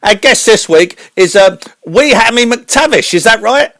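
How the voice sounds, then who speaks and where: A man's voice: sits high, lively intonation, a little slow, fairly bright tone, faint music behind. A man hosting a comedy radio show, upbeat and teasing in his presenter patter.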